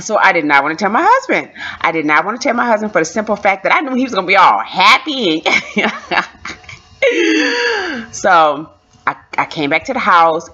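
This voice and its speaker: A woman in her thirties telling a personal story in a casual, animated way, repeating phrases for effect and often laughing. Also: fairly low pitch, breathy edge. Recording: dull lo-fi recording.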